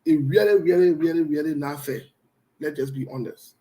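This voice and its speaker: A man's voice: fairly high pitch, moderate pace, dark tone. A man hosting a live call-in talk show, stern and preachy, repeating his warnings and laughing between them.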